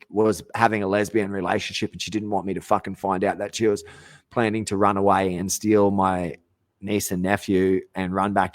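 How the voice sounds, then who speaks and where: A middle-aged Australian man hosts a podcast, delivering an aggrieved, profane rant and frequently cutting himself off mid-sentence. His voice sits on the low side, and there's no room sound at all.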